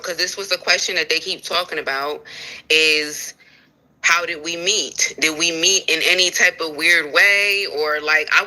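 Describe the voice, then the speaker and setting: A woman's voice: deep voice, poor audio. A woman in a casual livestream conversation, speaking candidly and repeating her points. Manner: candid, animated, repeats herself. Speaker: livestream co-host.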